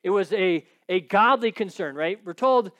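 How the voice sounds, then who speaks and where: A male preacher with a fairly high voice teaches through a passage with emphatic stress, often tossing out a quick "right?" to his listeners. The sound is dry and close, with almost no room around him. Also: animated, a bit bright, smooth, dry recording. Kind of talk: sermon with scripture reading.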